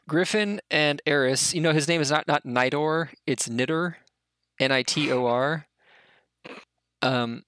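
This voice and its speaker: A man narrating as game master of a tabletop game, explaining lore in a relaxed way with fillers. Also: mid-range voice, no room sound.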